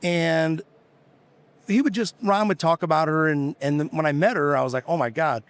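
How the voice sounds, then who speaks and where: A man's voice: fairly high pitch, normal speed, no room sound. A middle-aged American man, a business founder, casually telling rambling stories with quoted dialogue in a podcast interview. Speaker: guest, tool company founder.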